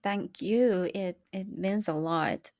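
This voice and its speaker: A woman's voice: medium pitch, takes it slowly, darkish tone. A young woman from South Korea, speaking earnestly and with emotion as a podcast guest about her country's history. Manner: earnest, emotional, repetitive emphasis. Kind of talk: personal conversation about history.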